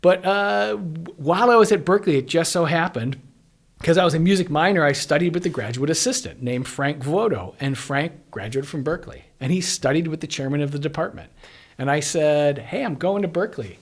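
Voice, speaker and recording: A man's voice: on the high side, brisk. A middle-aged man from Illinois, a guitarist and music educator, telling stories in a casual interview and laughing often as he talks. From Illinois, USA. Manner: animated storyteller who laughs often.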